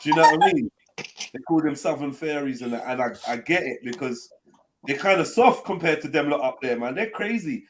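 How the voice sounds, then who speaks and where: A man from London hosting a casual live panel chat. His voice sits a little high for a man, and he talks in a laid-back, slangy, rambling way, swearing freely. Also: lively intonation, fairly quick, slight background noise. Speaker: host of a live panel stream.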